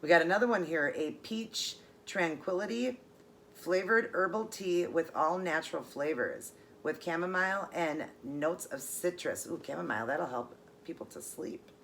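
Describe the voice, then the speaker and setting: A woman's voice: low voice, expressive, normal speed, slight background noise. A middle-aged woman vlogger chatting casually and earnestly as she unboxes gifts, gushing and emotional.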